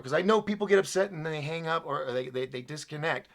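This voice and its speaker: A man's voice: a little high, animated, quick pace, creaky. A man hosting his own live show alone, rambling and apologetic as he vents his frustration to viewers. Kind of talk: solo live-stream talk.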